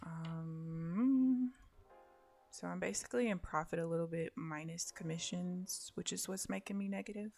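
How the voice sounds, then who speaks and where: A woman giving casual live commentary on her own day trading, thinking aloud and often dropping to soft mutters. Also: fairly low pitch, normal speed, creaky, faint music behind. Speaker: day trader streaming live.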